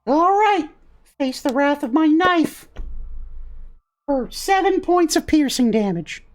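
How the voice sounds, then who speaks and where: In a tabletop game, a woman plays a small, desperate male gingerbread warrior, pushing her voice up high and speaking slowly. He's feisty, excitable, and melodramatic.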